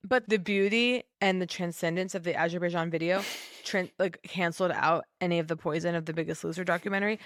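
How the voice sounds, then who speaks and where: A woman co-hosting a podcast, gushing and animated as she tells stories and acts out what people said. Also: fairly low pitch, fast, no room sound, clean studio sound. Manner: gushing, animated storyteller who acts out quotes. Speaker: podcast co-host. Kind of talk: casual chat.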